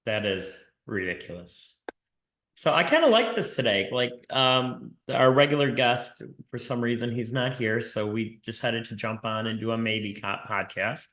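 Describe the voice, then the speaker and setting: A man co-hosting a podcast, rambling in goofy, self-mocking chat. His voice sits mid-pitch and carries a roomy echo. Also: sing-song, moderate pace, a bit bright. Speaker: podcast co-host. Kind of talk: casual chat.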